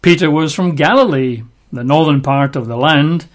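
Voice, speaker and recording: Male Bible teacher, conversational sermon, a touch high-pitched, wry. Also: normal speed. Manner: chatty, wry asides between scripture readings.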